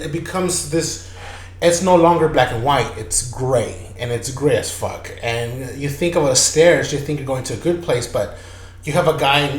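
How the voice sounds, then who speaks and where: A man's voice: mid-range voice, reverberant. A man hosting a podcast, telling a strange story in loose, profane, repetitive casual chat. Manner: loose, profane, repeats himself. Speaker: podcast host.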